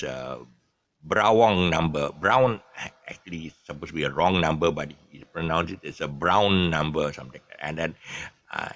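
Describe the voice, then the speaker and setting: A man's voice: low voice, fairly bright tone, no echo. A man with a Malaysian English accent, chatting casually and rambling through his explanations with many ums and restarts, adding jokes. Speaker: vlogger. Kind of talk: casual monologue explaining local slang.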